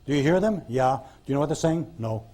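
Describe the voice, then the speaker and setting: A man's voice: medium pitch, lively intonation, fast talker, warm tone. A man teaching a hypnosis class in blunt, folksy style, acting out talks with his clients. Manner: folksy, blunt storytelling, acts out dialogue with clients. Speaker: hypnosis instructor. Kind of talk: recorded classroom lecture. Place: lecture room with audience.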